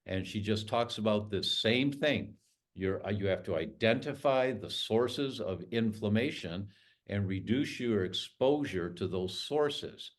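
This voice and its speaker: A man's voice: fairly low pitch, expressive, unhurried. A middle-aged man, a doctor guest on a podcast, talking in an emphatic, storytelling way. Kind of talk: podcast interview.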